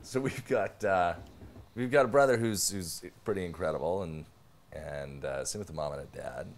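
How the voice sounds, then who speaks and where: A man's voice: low-pitched, normal speed, slight background noise. A young man, a podcast guest, telling family stories in casual chat, laughing often and swearing casually.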